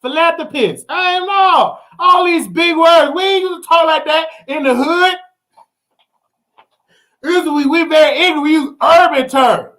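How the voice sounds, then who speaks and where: A man hosting a live call-in show, telling a story in a loud, animated, rambling way, often shouting and laughing. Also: very high-pitched, measured pace. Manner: rambling with frequent restarts and asides. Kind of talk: casual live-stream storytelling.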